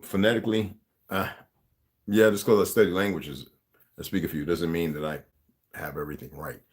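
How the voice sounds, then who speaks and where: A man's voice: sits low, fairly even intonation, a little fast. A man talking casually to his viewers, rambling with many restarts and asides.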